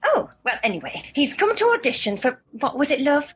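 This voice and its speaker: A woman's voice: sits high, very animated, fairly quick. An actress playing a fussy, flustered woman helping to run an amateur show in a comedy audio drama.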